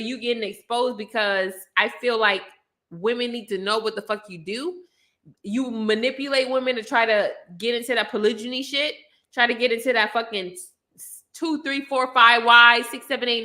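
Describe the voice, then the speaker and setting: A young woman with a bright, fairly high voice tells her story in a blunt, profane rant. She leans hard on emphasis and talks straight to her viewers. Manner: blunt, heavy swearing, emphatic. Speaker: channel host.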